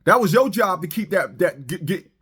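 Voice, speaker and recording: A middle-aged man lectures his listeners in an animated, preachy monologue. His voice sits fairly high for a man. He stumbles and restarts often, piling up repeated words. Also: normal speed, husky. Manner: preachy, repetitive, stammering restarts. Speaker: commentator on fathers and child support.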